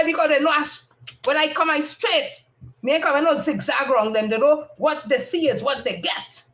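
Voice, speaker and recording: A woman's voice: high voice, moderate pace, fairly bright tone, low-quality recording. A woman with a Trinidadian accent, giving a blunt, combative live-stream monologue and repeating her points for emphasis. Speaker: political commentator on a live stream.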